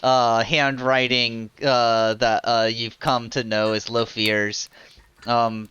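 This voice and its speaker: A man's voice: mid-range voice, level tone, takes it slowly, fairly bright tone, clean tone, no room sound. A man narrating a tabletop game as dungeon master, rambling with lots of fillers. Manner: rambling, heavy on fillers like "like" and "you know". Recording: dull lo-fi sound.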